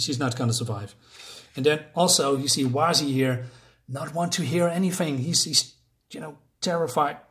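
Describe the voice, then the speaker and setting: In a medium-pitched voice, a man loosely summarizes a comic book story, stopping to restart and leaning on fillers. He laughs with excitement whenever it gets gory.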